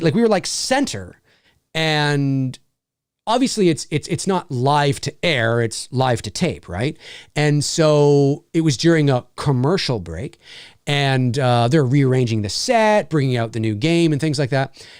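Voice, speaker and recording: A man from Canada, a voice actor hosting a livestream, telling a story in a chatty, animated way with plenty of fillers. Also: a little high, dry recording, clean studio sound.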